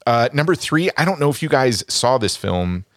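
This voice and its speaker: A man's voice: mid-range voice, big pitch swings, normal speed, a bit bright, dry recording, clean studio sound. A man co-hosting a casual movie podcast, bluntly ranking and trashing films he disliked. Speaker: podcast co-host.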